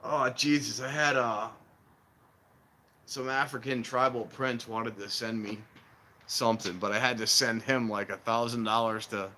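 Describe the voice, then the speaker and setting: A man hosting a casual trainspotting stream, rambling and animated, acting out the voices of people he quotes. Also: mid-range voice, unhurried, a little hiss or hum. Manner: warns viewers against scams. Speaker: railfan livestream host. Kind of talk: casual chat while filming trains.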